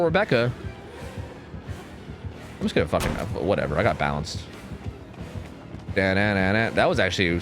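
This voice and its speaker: A man streaming a game, chatting excitedly and swearing as he talks to his teammates and viewers. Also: medium pitch. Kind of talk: live gameplay commentary.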